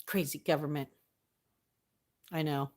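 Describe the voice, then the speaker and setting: A woman's voice: sits low, steady tone, unhurried, a little mellow. A giggly young woman chats casually on her livestream. She laughs often as she talks and greets her viewers one by one by name. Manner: giggly, laughs often, reads out chat names. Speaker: live streamer.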